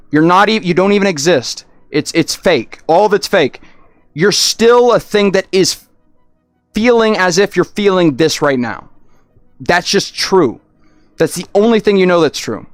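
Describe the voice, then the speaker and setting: A man chatting casually on a livestream, rambling and excitable, often restarting his sentences. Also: high voice, dry recording.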